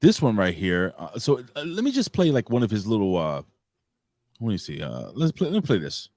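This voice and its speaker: A man's voice: lowish voice, huge pitch swings, fairly quick, a little mellow, no room sound. A man, co-hosting a casual podcast and telling a rambling, profane story. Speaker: co-host.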